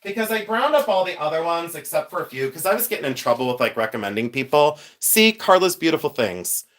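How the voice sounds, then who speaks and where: A man's voice: on the high side, expressive, fast talker, a bit bright. A man in his fifties hosting a live stream, telling stories in a chatty, joking way. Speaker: host. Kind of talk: casual live-stream chat.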